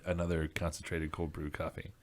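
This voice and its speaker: A man chatting casually as a guest brewer, telling relaxed stories with plenty of "um"s. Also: rumbling low, a little fast, a little hiss or hum. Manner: relaxed storyteller, many "um"s. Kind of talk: casual chat.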